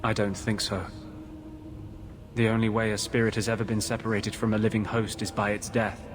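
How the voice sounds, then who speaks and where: A man's voice: lowish voice, level tone, fairly quick, background noise, lightly acted. An actor voicing a brooding male mage haunted by a vengeful spirit, speaking in a grave, intense, earnest way in video game dialogue. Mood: grim.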